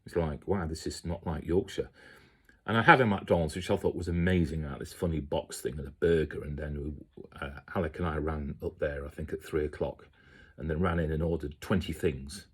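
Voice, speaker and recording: A man's voice: a bass voice, fairly even intonation, a little fast, fairly bright tone, breathy edge. A man rambling through his memories of kitchen work as a chef, chatty and casual, often slipping into quoted voices. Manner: chatty storyteller, mimics people in quotes.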